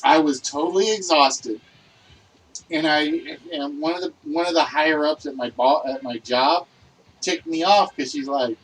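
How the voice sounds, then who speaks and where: Excitable high-voiced man hosting a game show. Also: unhurried, husky, distant mic, rough recording. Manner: loud, excitable and chatty.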